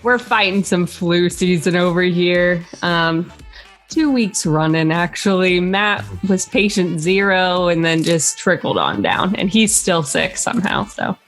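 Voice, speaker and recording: A woman's voice: lowish voice, animated, measured pace, soft background music. A woman with a stuffy cold, chatting wryly on a podcast. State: congested with a cold. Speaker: podcast co-host. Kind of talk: casual chat.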